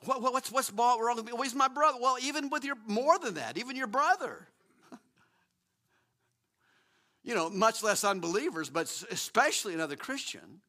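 A man's voice: very high-pitched, big pitch swings, moderate pace, pauses often, sharp tone. A middle-aged man preaching a sermon, emphatic, asking rhetorical questions and often repeating words. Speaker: pastor.

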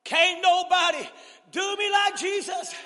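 A man preaching a revival sermon, shouting and laughing as he tells folksy stories. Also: extremely high pitch, fairly even intonation, unhurried, in a large hall.

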